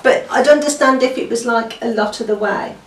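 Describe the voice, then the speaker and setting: A woman's voice: a little high, a little fast. Chatty woman reviewing a book. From Yorkshire, England. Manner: rambling, chatty, with frequent ums and laughs. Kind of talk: casual chat. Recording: echoey room, far from the mic, faint noise.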